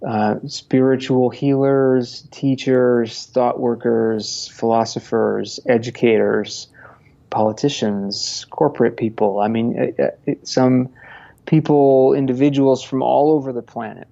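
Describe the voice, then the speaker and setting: A man's voice: medium pitch, little pitch movement, measured pace, gravelly, dark tone, lo-fi sound. A man in his thirties from Montana, a podcast guest talking casually, rambling with many restarts and frequent laughs. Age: 30s. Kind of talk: casual conversational interview.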